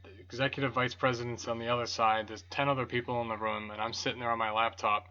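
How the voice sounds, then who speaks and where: A man's voice: mid-range voice, level tone, quick pace, pushed and bright. A man co-hosting a casual wrestling podcast, talking bluntly and swearing freely. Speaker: podcast co-host. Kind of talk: casual chat. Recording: dull lo-fi podcast audio.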